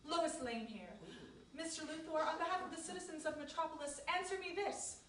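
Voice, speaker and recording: A woman's voice: high voice, lively intonation, a bit bright, a little hiss or hum. A woman playing a determined, no-nonsense newspaper reporter on a live stage. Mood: pressing. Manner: brisk, no-nonsense. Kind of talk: live stage comedy acting. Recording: echoey hall from far off.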